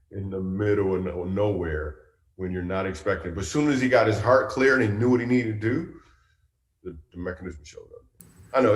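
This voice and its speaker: A man, a comedian and talk-show guest, telling a personal story in an animated way with playful punchline asides. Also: fairly low pitch, echoey room.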